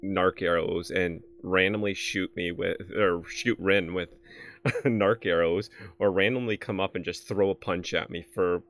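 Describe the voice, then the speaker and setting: A man with a very deep, smooth voice recounts a game story. He stumbles through it with lots of uhs and little laughs. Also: fairly even intonation, a little slow, fairly bright tone. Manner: hesitant, many ums and uhs. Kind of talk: casual storytelling about a roleplay game.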